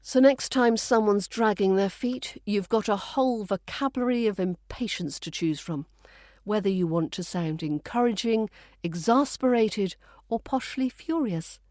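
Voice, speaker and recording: A British woman hosting a podcast lesson, teaching accent and phrases in a playful, crisp scripted delivery. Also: medium pitch, unhurried, darkish tone, no room sound, clean studio sound.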